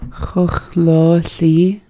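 A woman repeats each phrase after the teacher, quiet and careful. Her voice is low and flat, her pace very slow, and the tone mellow. The sound is dry and close. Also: dry recording.

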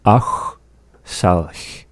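A man teaching a language lesson, repeating each phrase slowly and carefully for learners. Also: no echo.

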